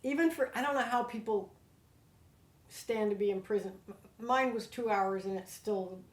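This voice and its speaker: An older American woman, a guest, telling her own story with heartfelt, animated feeling. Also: medium pitch, moderate pace. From United States. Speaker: interview guest. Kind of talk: personal storytelling. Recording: roomy echo.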